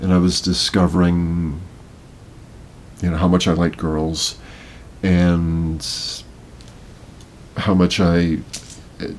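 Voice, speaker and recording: A man's voice: sits low, darkish tone, slight background noise. A man in his sixties from Miami, a podcast host reciting a poem dramatically and then reflecting on it with hesitant, searching talk. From Miami, Florida. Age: 60s. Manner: slow dramatic reading, hesitant afterwards.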